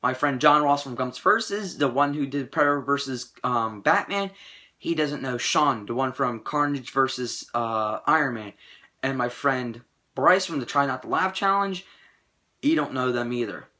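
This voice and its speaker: A man's voice: mid-range voice, normal speed. Rambling, profane young male movie vlogger. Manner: rambling, profane, excitable rants. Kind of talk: casual movie review.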